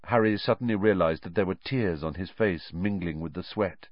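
A man narrating a fantasy story aloud with expressive, storytelling delivery, on a dull, dry recording. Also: sits low, moderate pace, no echo. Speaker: audiobook narrator. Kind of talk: scripted narration. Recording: dull, dry studio audiobook.

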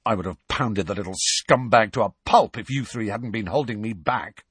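A man's voice: on the low side, moderate pace, fairly bright tone, slightly rough, no echo. A man voicing an angry teenage boy with an aggressive edge. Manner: ugly, aggressive.

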